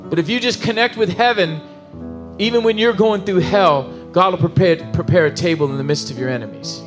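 A high-voiced man preaches with feeling, chatty and animated, often restarting his sentences. Steady guitar music plays clearly behind him. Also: fairly quick. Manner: animated, emotional, conversational preaching with asides and restarts. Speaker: pastor. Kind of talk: sermon.

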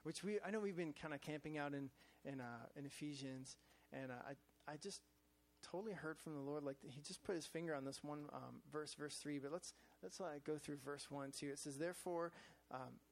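A man's voice: fairly high pitch, brisk. A man telling a casual, rambling story to a church group, full of fillers and restarts. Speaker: church staff speaker sharing a devotional. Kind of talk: informal testimony talk to a group. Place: in front of a group, gadgets in hand.

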